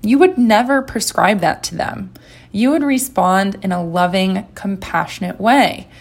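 A woman giving a gentle, encouraging instructional talk as a recovery coach. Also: mid-range voice, a little slow.

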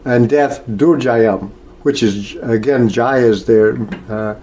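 A man teaching a scripture class in a slow, halting way, with many filler sounds as he explains verses. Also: mid-range voice, mellow. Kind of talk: lecture on scripture.

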